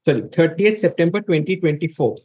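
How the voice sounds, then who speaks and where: Man, courtroom advocate, formal, emphatic, reads from documents, fairly high pitch. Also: expressive, brisk, a little mellow, low-quality recording. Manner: deferential, repeatedly saying my lord.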